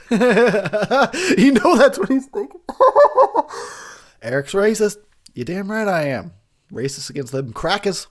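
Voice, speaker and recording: A man's voice: high-pitched, very animated, slow. A man, drunk, giving a rambling, crude commentary over a movie, laughing often as he talks.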